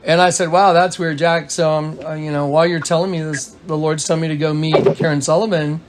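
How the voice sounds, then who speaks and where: A man with a fairly high voice talks over a phone call in a loose, rambling flow. He keeps restarting his sentences and slips into quoted speech as he retells conversations. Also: little pitch movement, fast, very noisy. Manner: rambling, many restarts and fillers. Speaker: caller recounting events.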